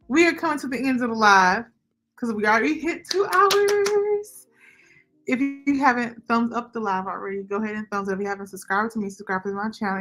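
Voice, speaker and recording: A woman's voice: a little high, a bit bright. A young woman, chatting casually with viewers as a livestream host. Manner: chatty, talks to viewers and chat directly. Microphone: computer microphone.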